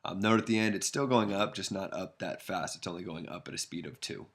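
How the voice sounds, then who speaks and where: Low gravelly guy doing a laid-back math video, talks through his sketch and jokes about his messy drawing. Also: brisk. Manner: relaxed, self-deprecating, thinks aloud while sketching. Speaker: math instructor. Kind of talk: casual recorded math lesson.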